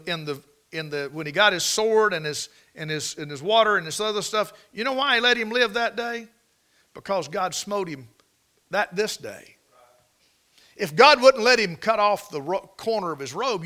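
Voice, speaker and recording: Male preacher, sermon, higher voice, folksy, emphatic, rhetorical questions. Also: bright, forceful tone.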